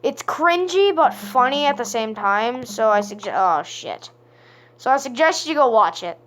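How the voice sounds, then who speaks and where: A young woman playing a game and chatting casually to her viewers, playful, sometimes singing with deliberate voice cracks. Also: a little high, animated, a bit bright, slight background noise. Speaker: gaming vlogger. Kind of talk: casual gaming commentary.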